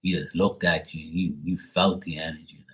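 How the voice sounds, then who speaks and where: A man's voice: sits low, level tone, a little fast, husky, low-quality recording. A man talking casually and bluntly, venting with plenty of swearing. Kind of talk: casual chat.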